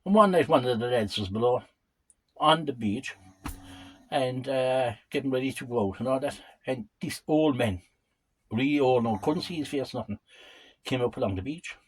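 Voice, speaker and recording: An older man with an Irish accent spins local myths in a loose, chatty way, often turning to his listeners as lads. His voice is husky and sits at a middle pitch for a man. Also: normal speed, poor audio. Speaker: storyteller. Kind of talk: casual folk storytelling.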